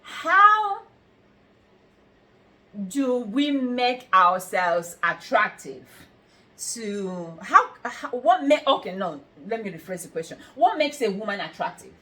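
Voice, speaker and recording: A middle-aged woman hosting a casual chat, telling a story in a lively way, quoting people and throwing in exclamations. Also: fairly high pitch, slow.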